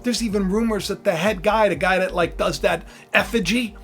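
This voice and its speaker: A hoarse, tired man preaching from scripture to his viewers, swinging from quiet, intimate talk to loud fervor. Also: high voice, normal speed. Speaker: online preacher, channel host. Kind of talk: impassioned scripture preaching to camera.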